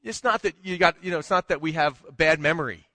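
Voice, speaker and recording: A man's voice: fairly high pitch, fast talker, bright, forceful tone, no room sound, big-room sound. A man preaching a sermon in a conversational way, mixing scripture with a humorous story. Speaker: pastor.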